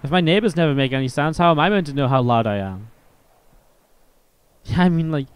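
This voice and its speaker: A man's voice: a little high, animated, normal speed, clear, resonant tone, dry recording. Rambling, foul-mouthed male game caster. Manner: rambling and chatty, swears freely, many "like" fillers. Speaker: StarCraft caster and streamer. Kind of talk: casual stream chat over game commentary.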